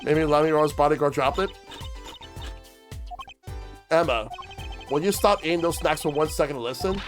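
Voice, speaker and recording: A streamer, a man with a fairly high voice, reads the dialogue of a young lawyer in a visual-novel game. He keeps the delivery plain and earnest, mostly in his own voice. Soft game music plays underneath. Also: moderate pace, long pauses. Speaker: streamer reading a game aloud. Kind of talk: reading game dialogue aloud.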